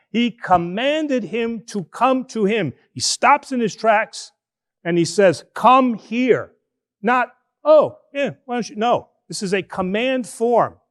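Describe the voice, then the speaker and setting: A man, a priest, preaching an animated, conversational sermon in church, drawing out words for emphasis. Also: high-pitched.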